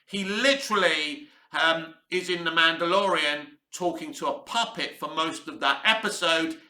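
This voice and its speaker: Speaking at a moderate pace in a fairly high, sharp-toned voice, a man delivers a blunt, opinionated TV review to camera, cursing freely. He's recording in an echoey room where he's based, in Cyprus.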